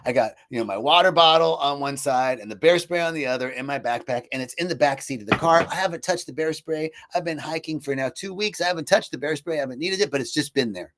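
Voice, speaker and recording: A man's voice: fairly high pitch, fast, few pauses, a bit bright, slight background noise. Earnest man telling a personal story. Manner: earnest, reflective, self-correcting. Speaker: host of a live stream.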